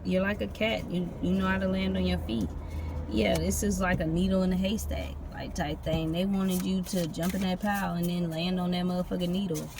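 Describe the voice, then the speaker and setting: Gravelly, profane tarot reader. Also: medium pitch, fairly even intonation, fairly quick. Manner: loose, profane, free-associating commentary. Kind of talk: casual intuitive reading. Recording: noisy background with vehicle sounds.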